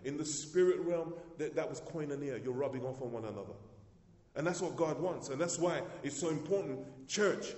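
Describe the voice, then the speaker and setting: A male pastor delivering a sermon in a church hall, his mellow, warm voice carrying a long echo around the room. He preaches emphatically, repeating words and lifting his pitch to drive points home. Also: animated, a little fast. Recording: echoey hall.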